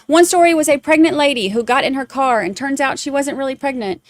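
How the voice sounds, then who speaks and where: A woman's voice: sits high, a little fast, no room sound, studio quality. A woman hosting a true crime podcast, rambling in casual chat with many fillers. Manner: chatty, rambling, lots of fillers.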